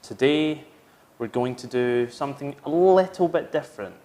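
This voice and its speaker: A man's voice: medium pitch, normal speed, mellow. A British man teaching English vocabulary, patiently modelling words for learners to repeat. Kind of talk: slow, clear classroom instruction.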